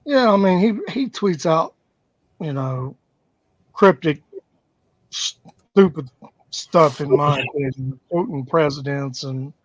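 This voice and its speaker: A man's voice: fairly high pitch, lively intonation, slow, long pauses, no echo, poor audio. A man co-hosting a casual livestream chat who talks in a laid-back, frank, plain-spoken way. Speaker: livestream co-host.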